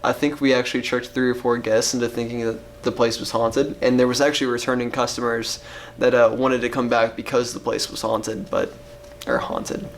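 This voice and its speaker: A man's voice: medium pitch, level tone, fairly quick. A young adult man co-hosting a vlog, chatting in a laid-back, joking way. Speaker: vlog co-host. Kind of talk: casual chat. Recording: faint background hum.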